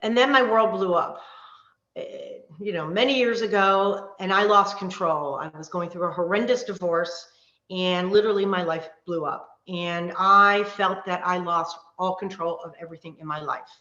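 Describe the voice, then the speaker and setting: Passionate woman coach, fast and forceful, roomy and lo-fi video-call sound. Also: on the low side. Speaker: wellness coach. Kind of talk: live online workshop talk. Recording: roomy, dull lo-fi call audio.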